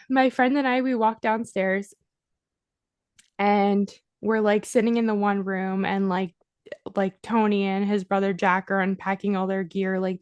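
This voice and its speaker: A woman telling a story as a podcast guest, chatty and animated, with "like" in nearly every line. Her voice sits in a middle range. The sound is dry and close, with no room echo. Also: medium pitch. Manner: animated storyteller, heavy use of "like". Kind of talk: casual storytelling interview.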